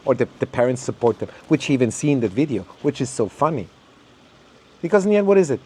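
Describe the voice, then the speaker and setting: Warm-voiced man on a heated rant. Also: medium pitch, big pitch swings, fast, breathy edge. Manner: heated, ranting, swears, repeats words, mocks others in quoted voices. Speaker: podcast host. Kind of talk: opinionated monologue.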